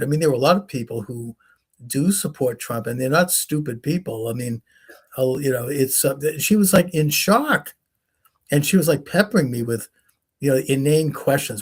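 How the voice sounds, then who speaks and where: This talk show host has a medium-pitched, slightly rough voice and speaks at normal speed. He chats casually and meanders through stories, doing impressions of the people he's quoting.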